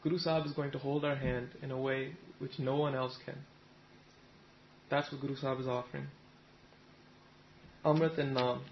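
A man's voice: medium pitch, level tone, normal speed, creaky, pauses often, dull audio, slight background noise. A man giving a Sikh sermon, retelling a story and speaking its characters' lines in his own plain voice. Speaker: Sikh preacher.

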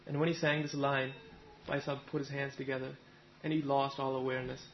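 A male preacher giving a sermon, his voice gravelly with a fair amount of fry. He tells a story in an even, level delivery and reads the characters' words without acting them out. The recording sounds dull and lo-fi, with faint noise in the background. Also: medium pitch, brisk. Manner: retells a story, voicing the people in it plainly. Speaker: Sikh preacher.

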